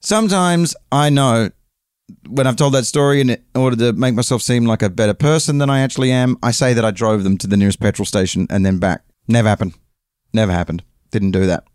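An English man spins a casual, meandering story, full of swearing and asides where he corrects his own details. His voice is smooth and resonant, sitting at an ordinary middle pitch. The recording is dry, with no room echo. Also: brisk, darkish tone. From England. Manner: rambling, profane, self-correcting.

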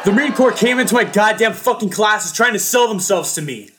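A man's voice: sits high, animated, a little fast, roomy sound, over music. A teenage man ranting on a podcast, swearing heavily. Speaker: podcast co-host. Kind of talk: casual chat.

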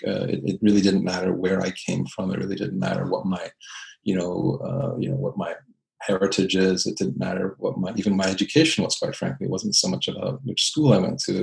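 A man's voice: deep voice, vocal fry, a little mellow, poor audio. A man from Canada, an architect and designer, reflecting on his career in an interview, thoughtful and full of fillers and restarts.

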